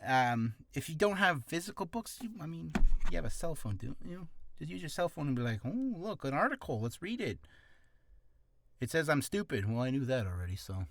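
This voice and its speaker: A man's voice: a little high, very animated, fairly quick, gravelly. A man talking casually in a vlog about reading practice, rambling and poking fun at himself. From Canada. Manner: chatty, rambling, self-mocking. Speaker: voice actor vlogger.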